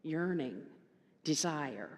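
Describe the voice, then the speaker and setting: A woman minister giving a conversational sermon, telling a story with animated quoted voices and emphatic repetition. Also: low voice, drawn-out words. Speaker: guest minister. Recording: reverberant hall.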